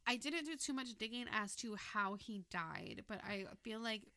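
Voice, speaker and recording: A woman's voice: fairly high pitch, expressive, moderate pace, bright, forceful tone, no room sound. A young woman with a Valley girl accent, co-hosting a casual podcast chat, chatty and loose with fillers and swearing. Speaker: podcast co-host.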